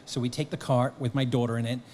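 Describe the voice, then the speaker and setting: A middle-aged man telling an animated anecdote as a guest at a fan press conference. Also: mid-range voice, fast, a little hiss or hum. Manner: animated storyteller, slips into voices for the people he quotes. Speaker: actor and author guest.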